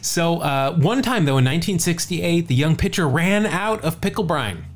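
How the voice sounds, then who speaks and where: A man hosting a laid-back podcast, telling a baseball story with lots of jokes. His pitch swings widely as he talks. He often repeats himself and restarts sentences. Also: expressive, normal speed. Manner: chatty, jokey, stumbles and repeats words. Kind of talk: casual podcast chat.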